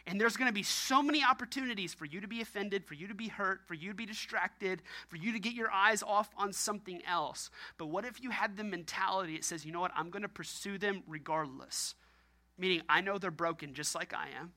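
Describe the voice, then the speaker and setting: Bright-voiced preacher, emphatic and repeating. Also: male voice, high voice, brisk, few pauses. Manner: emphatic, repetitive preaching with laughs. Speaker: pastor. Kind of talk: sermon.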